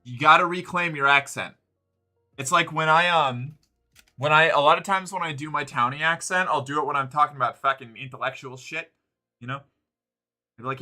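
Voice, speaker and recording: A man's voice: on the high side, a little fast, pushed and bright. A man in casual chat, rambling with lots of profanity and frequent restarts.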